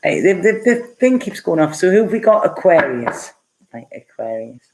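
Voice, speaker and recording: A woman's voice: fairly low pitch, very animated, moderate pace, a little mellow. A middle-aged woman giving a casual live tarot reading and answering viewer comments, chatty and rambling, often laughing and using plenty of fillers. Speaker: tarot reader.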